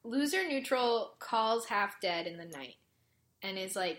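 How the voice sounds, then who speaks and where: Recapping a show's episode in casual conversation, a woman sounds exasperated and leans heavily on fillers. Her mid-range voice is animated and a bit bright, and she speaks a little slowly.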